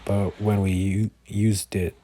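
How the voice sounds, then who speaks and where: A man's voice: on the low side, level tone, takes it slowly, warm tone, slight background noise. A man voicing Aizawa, a blunt weary hero. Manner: plain unacted reading of quoted lines, many fillers.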